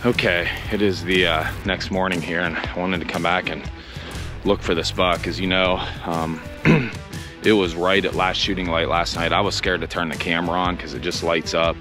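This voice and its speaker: Hushed man narrating a hunt outdoors. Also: steady tone, music in the background. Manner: low, hushed, halting talk with restarts. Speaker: professional hunter. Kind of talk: self-filmed hunting narration. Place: outdoors in wet woods.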